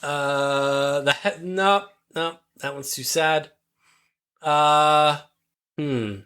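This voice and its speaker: A man's voice: fairly high pitch, fairly even intonation, drawn-out words, sharp tone, smooth. A man hosting a podcast in casual chat, playful and easily amused. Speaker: podcast host.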